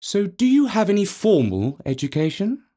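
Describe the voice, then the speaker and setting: A man voicing a brisk courtroom questioner asking clipped, businesslike questions. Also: sits high, very animated, mellow, voice pushed up.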